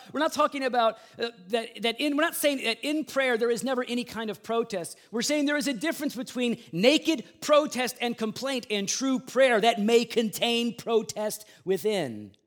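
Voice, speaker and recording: High-voiced man preaching conversationally. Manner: conversational preaching, swings from loud emphasis to quiet asides; plays out the grumbling people in a raised voice. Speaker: pastor. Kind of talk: sermon.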